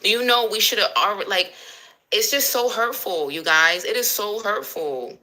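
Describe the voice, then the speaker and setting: Bright-voiced woman venting on a livestream. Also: medium pitch, normal speed, low-quality recording. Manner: candid, emotional, talks back to viewers. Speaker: livestream host.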